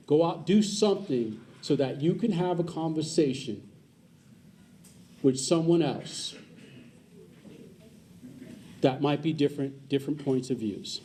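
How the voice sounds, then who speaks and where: A man's voice: fairly high pitch, mellow. A man giving a public speech at a community celebration, telling a personal story with joking asides to the audience and repeating his key points. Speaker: guest speaker at a community celebration.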